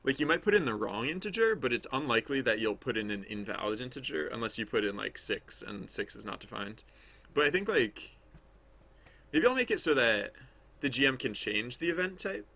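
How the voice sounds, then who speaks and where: On a relaxed livestream, a game developer talks through his project while he works, thinking out loud, restarting often and circling back on himself. His mid-pitched voice carries a gravelly fry with a bright, forward edge, and he speaks fairly quickly with lively intonation.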